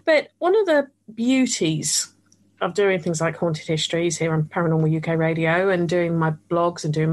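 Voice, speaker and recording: A woman's voice: lowish voice, a little mellow. A woman from the UK hosting a radio show, chatting casually and enthusiastically with a guest. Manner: chatty, enthusiastic, laughs easily. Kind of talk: casual interview chat.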